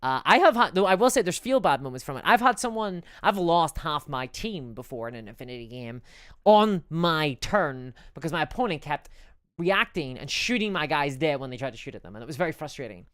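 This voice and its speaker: A woman's voice: low voice, lively intonation, brisk, a bit bright, no room sound, clean studio sound. A woman chatting casually on a live stream, reading out and answering chat messages, rambling and stumbling over her words.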